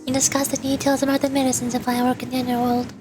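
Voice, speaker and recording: A young woman streamer with a high voice reads game dialogue aloud, dropping in casual asides. Game music plays steadily behind her. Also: completely flat delivery, rapid-fire. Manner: reads all characters' lines with casual asides. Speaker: vtuber streamer. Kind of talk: reading game dialogue aloud while playing.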